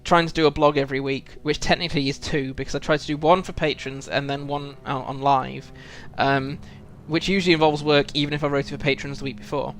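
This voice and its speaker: A man's voice: fairly high pitch, little pitch movement, fast, few pauses, fairly bright tone. A British man streaming a video game, chatting reflectively with viewers, full of ums and restarts. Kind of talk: casual live-stream chat while playing.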